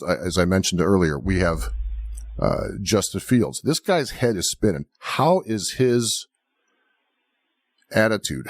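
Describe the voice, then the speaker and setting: Podcast host, man, very low voice with lively swings, dry close sound. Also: no echo. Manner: storytelling, animated, questioning. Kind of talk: conversational podcast interview.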